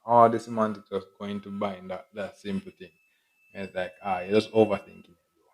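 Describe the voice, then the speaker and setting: Low, flat-voiced man rambling casually. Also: brisk, rough recording. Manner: rambling, repetitive, with frequent laughs and acted-out quotes. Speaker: podcast host. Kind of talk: casual solo monologue.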